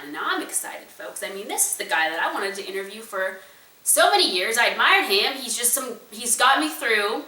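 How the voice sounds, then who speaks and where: A woman entrepreneur and speaker telling a personal story to an audience in an animated, conversational way. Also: a little high, a little fast, far from the mic. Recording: roomy echo, voice a bit away from the mic.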